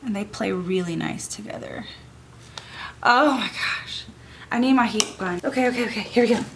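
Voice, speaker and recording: A sniffly woman with a mid-range voice talks fast while working at home, chattily teaching an art journaling craft technique. She gushes throughout this casual tutorial, and the background is noisy.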